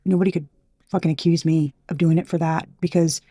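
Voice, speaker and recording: A woman's voice: low-pitched, level tone, a little fast, mellow, slightly rough, no echo, clean studio sound. A woman giving a casual channeled tarot reading, blunt and profane, who gets fired up, trails off and restarts often. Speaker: intuitive tarot reader.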